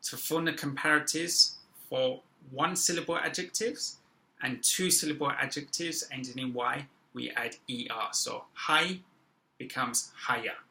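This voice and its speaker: A man teaching an English grammar lesson, speaking slowly and stressing each example word. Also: mid-range voice, creaky, pushed and bright, low-quality recording. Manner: slow, deliberate, stressing example words. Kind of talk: classroom-style grammar lesson.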